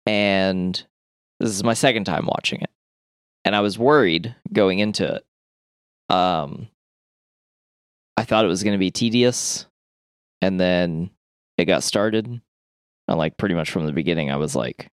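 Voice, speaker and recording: A man's voice: low-pitched, a little slow, long pauses, clear, resonant tone, dry recording, clean studio sound. A man hosting a podcast, chatting casually with profane, emphatic opinions. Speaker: podcast host. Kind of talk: casual chat.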